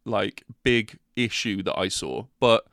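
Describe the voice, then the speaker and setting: A man co-hosting a podcast, chatting casually about a film, animated and mock-outraged, swearing a lot. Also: on the low side, slow pace, gravelly, no echo, studio quality. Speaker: podcast co-host. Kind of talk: casual film review chat.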